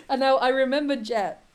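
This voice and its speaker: A woman's voice: high-pitched, measured pace, a little mellow. A woman chatting casually with her live-stream viewers while she plays a building game, giggling often and answering chat between tasks.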